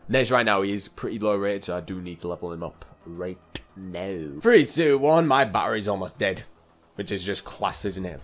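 A man's voice: low-pitched, normal speed, soft background music. A young man chatting and joking through football game commentary, often talking to the players on screen. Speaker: gaming YouTuber. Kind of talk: casual gameplay commentary.

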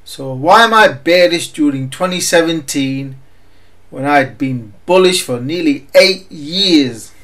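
A man's voice: fairly high pitch, animated, measured pace, fairly bright tone. Man, sardonic market commentary. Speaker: market analyst. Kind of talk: scripted commentary.

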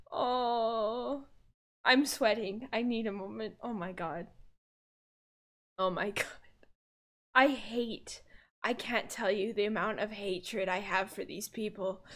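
A woman's voice: fairly high pitch, a bit bright. A young woman streaming live, chatting casually as she struggles with settings and grows exasperated, breaking into laughter. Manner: flustered, exasperated, laughing outbursts.

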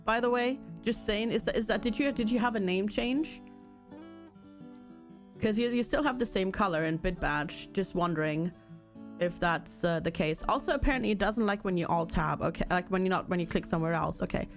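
A woman's voice: mid-range voice, a little fast, soft background music. A woman streaming a game, chatting casually and giggling as she answers her viewers. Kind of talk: casual live-stream chat.

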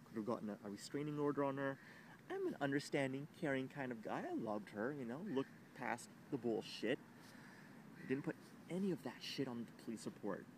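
A man's voice: mid-range voice, creaky, a little hiss or hum. A young man venting to camera in an emotional personal rant, agitated and swearing, rambling with frequent restarts, recorded outdoors.

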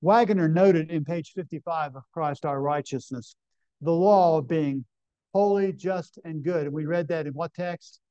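A man's voice: fairly high pitch, moderate pace, mellow, clean tone, no room sound. A man preaching a sermon at a camp meeting, emphatic, reading scripture aloud and asking the congregation questions. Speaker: pastor. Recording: dull, lo-fi sound.

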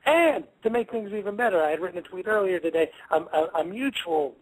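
A man's voice: high voice, animated, brisk, slight background noise, poor audio. A man guesting on a comedy hockey radio show, rambling through jokes with stammered restarts. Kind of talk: casual comedic chat.

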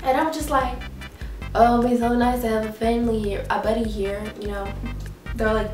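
A young woman vlogger telling a story in an animated, dramatic way, acting out her mother's lines and laughing often. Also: a little high, fairly quick. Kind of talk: casual storytelling vlog. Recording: echoey room, mic at a distance, faint music.

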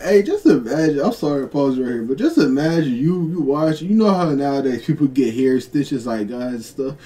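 A young man giving casual reaction commentary as a video host, excitable, laughing often and stumbling over his words. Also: mid-range voice, normal speed.

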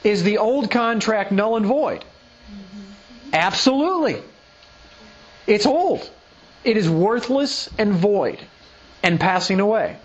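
A man's voice: high-pitched, a little slow, highs cut off. A male pastor giving a sermon, pressing his point with rhetorical questions and reading scripture aloud. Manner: emphatic, full of rhetorical questions. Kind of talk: sermon teaching.

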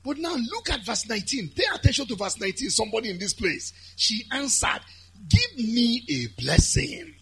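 A man with a Nigerian accent preaching a lively sermon, building to shouted, chanted high points. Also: fast talker, hardly any pauses, slightly rough. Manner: animated, shouting and chanting at peaks.

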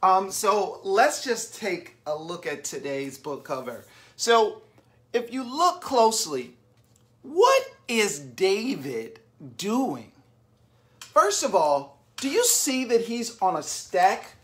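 A woman's voice: medium pitch, sing-song, takes it slowly. A woman reading a picture book aloud to young children, stopping often to ask them questions and invite them to join in. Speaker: children's story reader.

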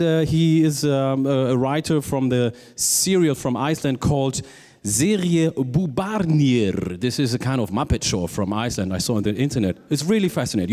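On a theatre stage before a live audience, a German-accented man hosts an awards night, his fairly high-pitched, darkish voice echoing in a large hall. He is playful and teasing, switching between English and German.

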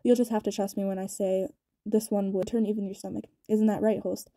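A woman voicing a cold, calculating young male gang leader in a storybook reading, calm, dry and taunting. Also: mid-range voice, brisk, no room sound, lightly acted. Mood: cool.

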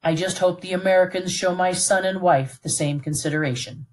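A woman reading aloud who voices a stern, composed middle-aged army colonel in a calm, formal, measured way. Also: lowish voice, lightly acted. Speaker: read-aloud narrator voicing a character.

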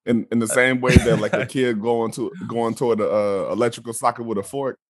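A man co-hosting a casual podcast, relaxed and reflective, chuckling between thoughts. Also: medium pitch, brisk. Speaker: podcast co-host.

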